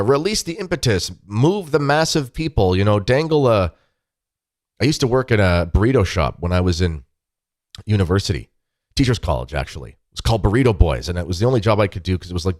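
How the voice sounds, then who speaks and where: A man, hosting a show and telling rambling, animated anecdotes in a casual chat from his desk at home. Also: sits low, no echo, studio quality. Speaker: podcast host. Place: home desk with weightlifting equipment behind.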